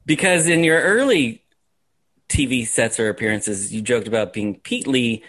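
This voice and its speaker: A man's voice: medium pitch, lively intonation, normal speed, fairly bright tone. A man hosting an interview, attentive, giving short backchannels and asking long, winding questions. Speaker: interviewer, host.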